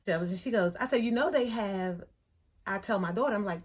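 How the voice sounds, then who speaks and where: A middle-aged woman, telling a story in a chatty, animated way, acting out the other people in it. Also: medium pitch, brisk, slightly rough. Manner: chatty, animated retelling with quoted voices. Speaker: thrift vlogger. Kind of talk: casual storytelling vlog.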